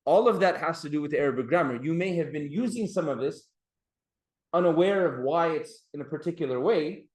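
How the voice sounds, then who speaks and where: A man's voice: fairly high pitch, expressive, fairly quick, darkish tone. Man teaching Arabic grammar in class. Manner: explains patiently, drawing out Arabic word endings. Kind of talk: classroom lecture.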